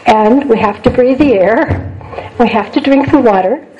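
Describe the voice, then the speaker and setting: A woman's voice: on the high side, normal speed, highs cut off, slight background noise. An older woman psychologist giving a talk to a group, speaking earnestly and repeating words for emphasis. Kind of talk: lecture to a group.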